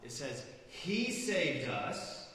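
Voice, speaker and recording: A man preaching a sermon as pastor, emphatic, swinging from loud declarations to quiet, drawn-out lines. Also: fairly high pitch, sing-song. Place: church sanctuary. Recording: roomy hall with long reverb.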